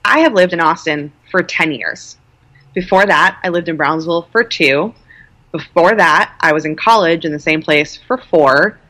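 A woman's voice: lowish voice, normal speed, fairly bright tone. A woman in her thirties, a guest co-founder, talking candidly and self-deprecatingly in a casual interview.

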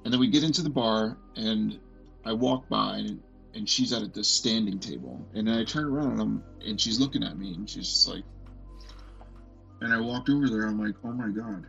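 A man in his forties telling a personal story as a podcast guest, earnest and halting, often restarting and filling with "like". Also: fairly low pitch, expressive, gravelly, fairly bright tone, dull audio, soft background music. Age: 40s.

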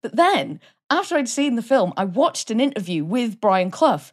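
A woman's voice: fairly high pitch, sing-song, moderate pace. A woman co-hosting a casual film review chat, chatty and enthusiastic. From Wales. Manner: chatty and enthusiastic, laughs often. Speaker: podcast co-host.

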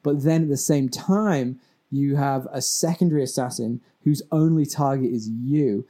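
A man's voice: medium pitch, moderate pace, dark tone. A man co-hosting a gaming podcast, chatting casually, swearing and restarting his sentences. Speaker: podcast co-host.

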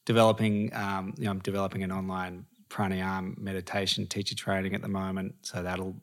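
A man's voice: sits low, little pitch movement, brisk. A man who teaches yoga, a guest in a casual interview, speaking thoughtfully and often restarting his sentences.

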